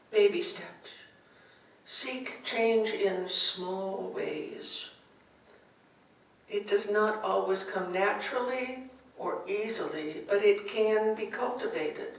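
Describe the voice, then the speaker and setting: Gentle woman preacher, unhurried with a gravelly edge, recorded from afar in a reverberant sanctuary. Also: a little high. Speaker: spiritual director. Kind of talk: sermon. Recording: echoey hall from far off.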